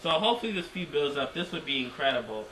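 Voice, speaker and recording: A man reviewing a wrestling show in casual recap style, excitable and rambling, repeating himself. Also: a little high, quick pace, reverberant, a little hiss or hum, low-quality recording.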